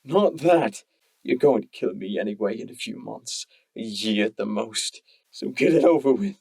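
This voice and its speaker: A man's voice: lowish voice, lively intonation, moderate pace, creaky, a little mellow, slightly rough, no room sound, exaggerated voice. A man voicing a desperate, grieving young male pony in an audiobook, pleading and tearful. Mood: despairing.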